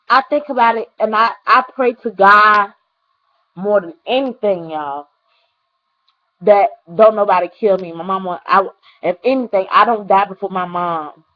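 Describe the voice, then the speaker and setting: A woman's voice: medium pitch, muffled recording. A young woman talking to her camera at home in a casual, earnest vlog, near tears, calling her viewers "y'all". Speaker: vlogger.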